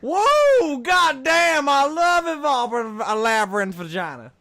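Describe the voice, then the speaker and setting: A man putting on a drunk, rowdy Southern man with a loud whooping yell and a Southern accent. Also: very high-pitched, big pitch swings, measured pace, dry recording, clean studio sound, pitched above the performer's own voice, heavily acted. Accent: American Southern, put on.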